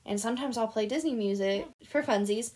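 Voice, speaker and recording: A young woman co-hosting a casual chat podcast, an animated storyteller who laughs often. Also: a little high, a little fast. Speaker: podcast co-host.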